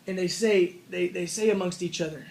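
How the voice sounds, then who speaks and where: A man with a rather high voice lays out his own theory in a relaxed, spoken lecture. He retells the story loosely and thinks aloud as he goes. A faint hiss of noise sits under his voice. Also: fairly quick, vocal fry. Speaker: self-published theorist explaining his model.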